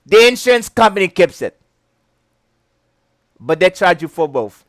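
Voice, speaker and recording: High-voiced chatty male instructor. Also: expressive, normal speed, long pauses, fairly bright tone. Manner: chatty, keeps checking "okay?", breaks into giggles. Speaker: insurance licensing instructor. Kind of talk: casual whiteboard lecture.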